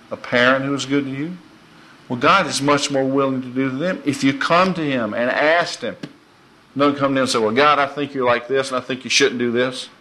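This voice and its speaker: A man preaching an informal, folksy sermon, animated and quick to laugh. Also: on the low side, slight background noise.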